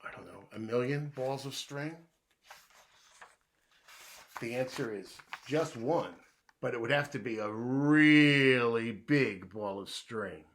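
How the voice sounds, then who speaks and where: Slow, bright-voiced man reading riddles. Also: medium pitch, slight background noise. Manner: playful, asks riddles then answers them himself; drops to a hushed voice when playing the puzzled guesser. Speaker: children's book reader. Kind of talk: reading a riddle book aloud to children.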